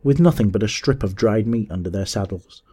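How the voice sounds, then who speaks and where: A man narrating a story in a measured, expressive audiobook reading. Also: on the low side, slightly rough.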